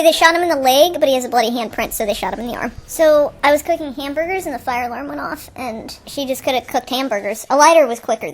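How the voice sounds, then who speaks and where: Host, female, high voice; loose, jokey running commentary on a film, all tangents. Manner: chatty, joking, rambling asides. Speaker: show host. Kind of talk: improvised movie commentary. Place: at home watching TV.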